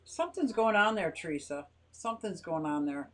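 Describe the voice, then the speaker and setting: A woman's voice: fairly low pitch, lively intonation, moderate pace. An older woman hosting a casual live stream from her home garage, chatting in a rambling way and reading viewer comments aloud.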